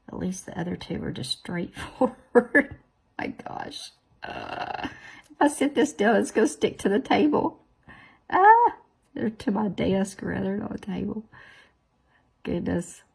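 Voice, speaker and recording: Lady doing her nails on video, gravelly voice, keeps laughing at herself. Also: mid-range voice, expressive, measured pace, darkish tone. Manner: chatty, self-deprecating, exclaims often. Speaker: nail tutorial host. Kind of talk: casual chat while doing nails.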